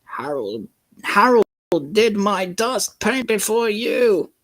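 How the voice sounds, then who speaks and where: A man voicing a fussy elderly lady in a hammy, shrill falsetto. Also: sing-song, slow pace, a bit bright, full character voice. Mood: gushing.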